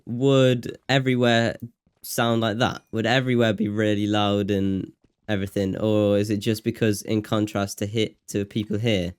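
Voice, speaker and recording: A man's voice: fairly low pitch, flat delivery, normal speed, clean tone, no room sound. A young man from England co-hosting a casual podcast, joking and teasing, laughing often. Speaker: podcast co-host. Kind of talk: casual chat.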